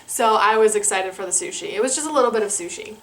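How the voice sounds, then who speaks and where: A woman's voice: mid-range voice, fast talker, fairly bright tone. A young woman vlogger gushing through a personal story in casual chat, laughing often. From Canada.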